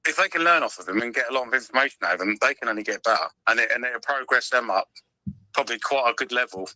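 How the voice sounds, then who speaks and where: Casual: bloke on the phone-in, keeps asking do you know what i mean, sharp bright voice. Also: male voice, mid-range voice, expressive, quick pace, dry recording, rough recording. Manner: earnest, repeats his point, seeks agreement. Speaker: caller. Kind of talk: casual radio phone-in call.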